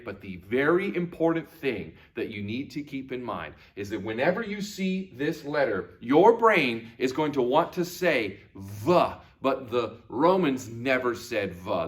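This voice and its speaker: A man teaching a lesson, demonstrating sounds slowly and with emphasis. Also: mid-range voice. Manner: animated, demonstrative, drawing out sounds. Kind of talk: classroom lesson on Latin pronunciation.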